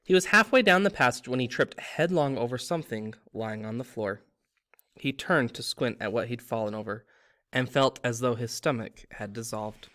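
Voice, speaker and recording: Man narrator reading a storybook aloud, mid-pitched, relaxed, chatty asides. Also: moderate pace. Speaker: reader.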